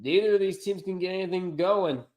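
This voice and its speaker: A man doing amateur play-by-play commentary on a livestream, unpolished and correcting himself, with deadpan asides. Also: high-pitched, fairly quick.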